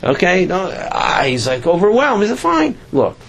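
Animated rabbi, higher male voice. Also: moderate pace, vocal fry. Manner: animated, jumps up in pitch when quoting others; loose, conversational, many restarts. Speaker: rabbi teaching a class. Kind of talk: casual Torah lecture with storytelling.

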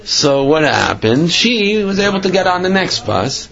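A man's voice: high voice, very animated, unhurried, vocal fry, a bit bright, lo-fi sound, faint music behind. A man giving a religious storytelling talk, rambling with many restarts and filler phrases. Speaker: religious speaker.

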